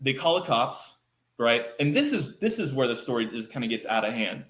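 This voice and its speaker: A man from Texas, a podcast guest, telling a story in a casual, animated way, acting out quoted lines with lots of fillers. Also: mid-range voice, a little fast. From Texas, United States. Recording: roomy echo.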